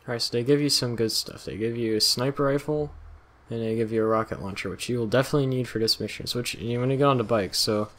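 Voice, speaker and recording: A man's voice: mid-range voice, fast, fairly bright tone. A man casually commentating a video game let's play, rambling and self-deprecating, swearing now and then, a little yawny. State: yawning, tired. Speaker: gameplay commentator.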